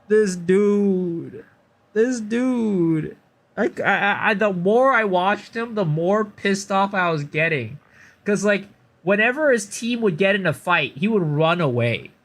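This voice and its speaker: Lively, chatty male game streamer. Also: sits high, slow pace. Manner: rambling anecdotal storytelling with many fillers; gets loud and exasperated when ranting. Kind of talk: casual live-stream chat.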